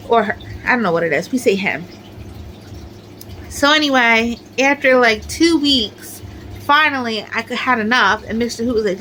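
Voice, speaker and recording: Brief: middle-aged woman, fairly high voice, rambling show-and-tell crafter, filler-heavy. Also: lively intonation, fairly quick, bright, forceful tone, slight background noise, low-quality recording. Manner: chatty, rambling, many "like" fillers. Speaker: crochet crafter showing her amigurumi. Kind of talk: casual show-and-tell chat.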